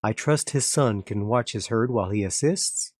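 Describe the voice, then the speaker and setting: A man's voice: lowish voice, moderate pace, a little mellow, no echo, studio quality, natural voice. A man voicing a formal, ceremonious woman who leads a religious order.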